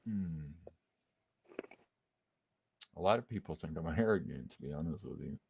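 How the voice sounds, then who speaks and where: Deep-voiced laid-back man swearing casually. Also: animated, normal speed, gravelly, a little mellow, a little hiss or hum. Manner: laid-back, swears a lot, rambling with many fillers. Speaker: musician guest. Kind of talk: casual interview chat.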